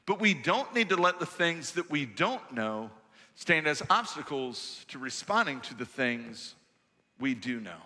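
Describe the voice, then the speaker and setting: A male pastor preaching a sermon in a church sanctuary, measured and emphatic with rhetorical questions. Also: fairly high pitch, sing-song, sharp tone, in a large hall.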